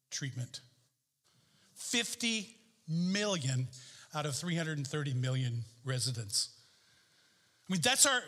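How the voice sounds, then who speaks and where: A man preaching a sermon as pastor, emphatic and repeating key phrases, his pitch swinging up and down. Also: bright, forceful tone, in a large hall. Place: church sanctuary.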